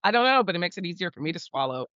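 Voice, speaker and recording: A woman co-hosting a podcast, talking about film in a casual, animated and emphatic way, sometimes swearing. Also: fairly low pitch, racing, no echo, dull audio. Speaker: podcast co-host.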